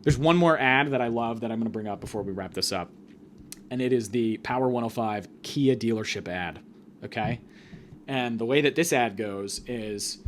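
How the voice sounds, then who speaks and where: A man's voice: mid-range voice, a little fast. A young man hosting a podcast, ranting in a mock-grandiose comedic monologue with sudden swings in volume. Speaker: podcast host.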